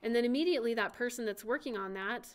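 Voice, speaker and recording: A woman giving a chatty software lesson, talking through each click and keystroke as she demonstrates. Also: a little high, fast. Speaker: CAD instructor.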